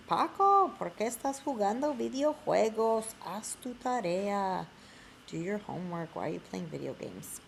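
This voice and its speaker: A woman teaching a Spanish lesson in a screencast, explaining slowly. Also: mid-range voice, darkish tone, slight background noise.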